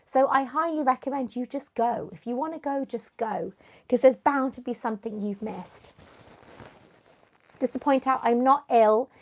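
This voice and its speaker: Chatty woman, slightly high voice. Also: moderate pace. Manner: chatty, rambling, answers viewers by name. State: runny nose, clearing her throat. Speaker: YouTuber hosting a live stream. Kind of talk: casual live-stream chat.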